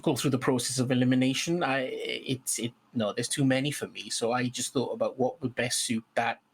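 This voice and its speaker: Male podcast co-host, mid-pitched voice, halting casual chat about tabletop games. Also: fairly even intonation, creaky, breathy edge. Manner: hesitant, many fillers and restarts.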